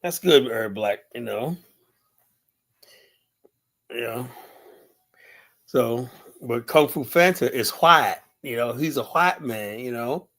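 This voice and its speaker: A man's voice: medium pitch, lively intonation, takes it slowly, long pauses, a bit bright. A man hosting his own show, mocking clips in casual commentary, laughing often and tagging lines with filler words. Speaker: show host.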